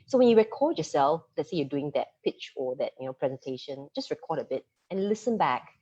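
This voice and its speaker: Fast-talking woman coaching online, husky voice. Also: sits low. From Singapore. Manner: fast-talking, lively, laughs easily. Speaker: media coach giving a masterclass. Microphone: computer mic on a video call. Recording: dull lo-fi video-call audio.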